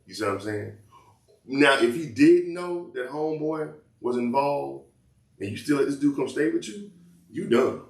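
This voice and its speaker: A man's voice: mid-range voice, animated, normal speed, reverberant. A man hosting casual commentary, talking loosely with lots of restarts. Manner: loose rambling talk with repeated restarts. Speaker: commentary host.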